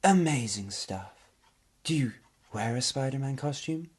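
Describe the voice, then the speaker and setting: Comic sketch: a man doing a deadpan TV reporter, husky and slow. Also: mid-range voice. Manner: deadpan mock-earnest questioning. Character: mock-serious male TV field reporter. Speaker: interviewer. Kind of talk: comedy sketch interview.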